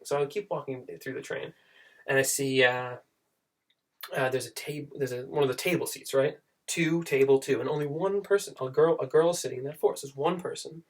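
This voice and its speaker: A young man telling a comic story straight to camera in a rambling, self-interrupting way. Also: mid-range voice.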